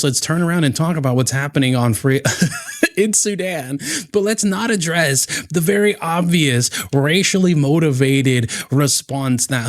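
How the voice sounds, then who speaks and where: Heated man ranting in commentary. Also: a little high. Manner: heated, profane, exasperated ranting. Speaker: commentary youtuber. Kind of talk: reaction commentary.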